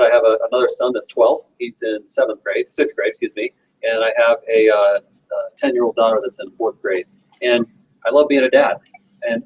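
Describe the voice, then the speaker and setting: A man's voice: mid-range voice, slight background noise, low-quality recording. A man in his forties speaking to a meeting audience, telling a personal story in an earnest, direct way. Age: 40s. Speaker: guest motivational speaker.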